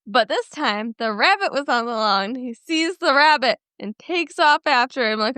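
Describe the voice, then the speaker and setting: Bright, smooth-voiced woman co-host. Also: high voice, lively intonation, normal speed, few pauses, dry recording. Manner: easygoing, rambling with many fillers. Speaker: podcast co-host. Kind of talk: casual chat.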